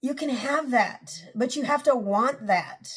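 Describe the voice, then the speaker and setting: A woman's voice: high-pitched, lively intonation, a little slow, breathy edge. A woman in her forties hosting a casual personal vlog, talking in a rambling, earnest way with many restarts, and emotional at times. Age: 40s. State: emotional, close to tears. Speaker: channel host.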